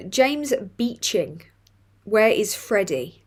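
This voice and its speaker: Slow, chatty woman streamer. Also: fairly high pitch, sing-song. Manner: chatty, sweary, laughs a lot, reads comments aloud. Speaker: livestream host reading chat. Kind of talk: casual live chat.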